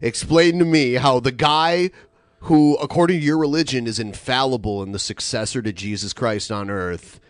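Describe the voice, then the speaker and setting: Male co-host, mid pitch, dry studio mic, explains and corrects in casual banter. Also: normal speed, dry recording.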